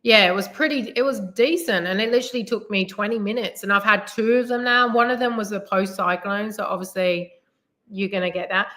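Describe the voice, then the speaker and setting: A middle-aged woman from England's West Midlands, a delivery driver with an English accent, chats on a live stream in a rambling way full of "like" and "you know." Her medium-pitched voice is brisk, steady, and sharp in tone, and the recording has a roomy echo.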